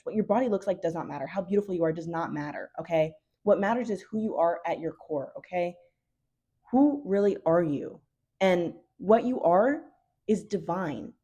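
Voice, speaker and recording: A woman's voice: lowish voice, dark tone. Blunt, profane young woman vlogger. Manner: blunt and profane, emphatic, quotes her own inner voice. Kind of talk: direct-to-camera motivational talk.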